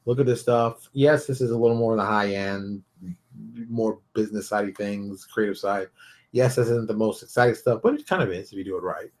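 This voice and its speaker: A middle-aged man with a lowish voice hosts his own show, talking straight to the viewer in a loose, unscripted way. He rants bluntly and gets animated as he hands out advice. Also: brisk. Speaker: show host. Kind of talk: casual advice monologue.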